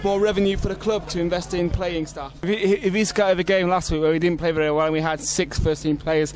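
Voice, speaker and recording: A man adds analysis beside the main commentator at an outdoor football ground. He talks fast in a high voice. He hesitates often with "um" as he gives his view. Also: fairly even intonation, darkish tone, a faint crowd, slight background noise. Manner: quick, hesitant opinions with many ums. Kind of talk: match analysis on club radio.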